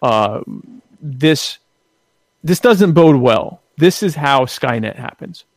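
A man's voice: mid-range voice, expressive, slow pace, no echo, clean studio sound. A man on a casual podcast, talking in an opinionated, emphatic way and often repeating words as he starts a point.

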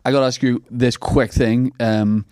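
An Irish man hosts a podcast and asks his guest quick, eager questions. His voice is mellow and mid-pitched, recorded dry and close. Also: fairly even intonation, smooth, no room sound. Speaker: podcast host. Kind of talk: casual podcast chat.

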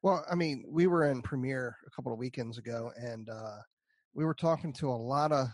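A man's voice: medium pitch, fairly quick, darkish tone, no room sound. A man co-hosting a casual chat, joking and laughing easily. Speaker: podcast co-host.

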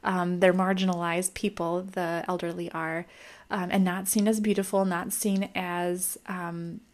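A woman's voice: lowish voice, flat delivery, unhurried. A young woman, a mom vlogger, giving a thoughtful, musing film review in casual talk, with lots of ums and likes. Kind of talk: casual reflective monologue.

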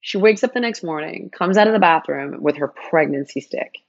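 Woman, guest storyteller, animated, acts out the dialogue, slightly low voice, lo-fi sound. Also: moderate pace, gravelly. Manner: animated, acts out quoted dialogue with big pitch jumps. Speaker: guest telling her story. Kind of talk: emotional personal storytelling.

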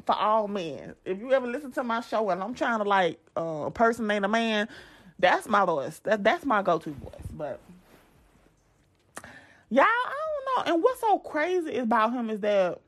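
A woman's voice: mid-range voice, moderate pace. A young adult woman hosting her own podcast, talking casually and animatedly straight to her listeners, often restarting her sentences. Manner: chatty and animated, addresses listeners directly, frequent restarts. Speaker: podcast host. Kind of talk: casual chat.

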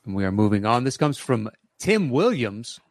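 A man's voice: medium pitch, very animated, moderate pace, no room sound. A man co-hosting a podcast, teasing and dry in casual chat. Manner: dry, teasing, reads listener mail aloud. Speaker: podcast co-host.

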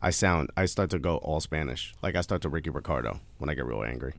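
A man in a casual chat who laughs often, teases the others, and sometimes drops low and quiet. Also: quick pace.

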